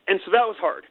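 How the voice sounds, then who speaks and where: Over a tinny phone line, a middle-aged interview guest recounts a personal story, candid and emotional yet quick to joke.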